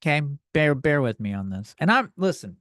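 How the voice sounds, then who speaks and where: A man's voice: a little high, very animated, fairly quick, fairly bright tone, no room sound. A man hosting a comedy podcast, ranting in an exasperated, profane way into a studio microphone. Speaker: podcast host. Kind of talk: comedic rant. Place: video podcast recording.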